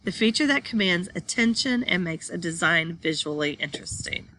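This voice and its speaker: A woman's voice: lowish voice, lively intonation, normal speed, pushed and bright, slight background noise. A woman teaching a class, reading slide text aloud and then explaining it while pointing at pictures.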